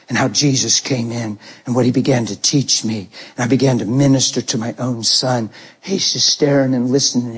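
A man's voice: mid-range voice, breathy edge. A middle-aged man preaching a sermon, telling family stories and acting out the voices of parents and children. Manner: animated storytelling, acting out family dialogue.

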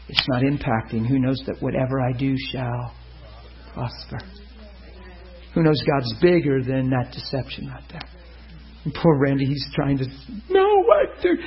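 Preacher guy telling a story, voice goes up high and loud when he acts out quotes, dull muffled audio. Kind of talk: sermon storytelling. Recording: muffled lo-fi sound.

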